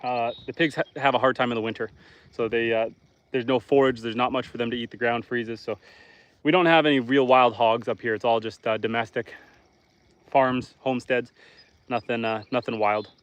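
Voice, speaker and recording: A homesteader from northern Canada livestreams outdoors by a lake, fishing while he casually chats and jokes with viewers. His voice is medium-pitched and fairly even at a normal speed, recorded lo-fi with no room sound.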